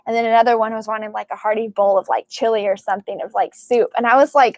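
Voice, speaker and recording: A woman working as a psychic medium, talking casually and excitedly to her viewers, full of fillers and "like". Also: a little high, fast talker, dry recording. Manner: chatty and excitable, many fillers and likes. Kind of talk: casual spiritual talk to camera.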